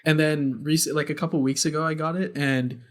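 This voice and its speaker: A man's voice: on the high side, steady tone, brisk. A man hosting a casual podcast who chats loosely and candidly. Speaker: podcast host. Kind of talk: casual chat.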